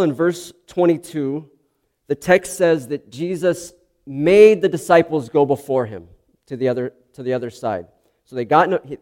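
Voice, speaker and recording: A man's voice: on the high side, a little mellow. A man preaching, first praying and then reading scripture and explaining it in an earnest, conversational way. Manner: earnest, conversational, with restarts and asides. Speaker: pastor. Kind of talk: sermon with prayer and scripture reading.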